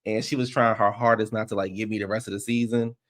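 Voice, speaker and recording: A man with a fairly low voice hosts a casual livestream chat into his streaming mic. He rambles loosely, circling back with plenty of "like" and restarts. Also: little pitch movement, fast, fairly bright tone. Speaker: livestream host. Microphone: streaming microphone.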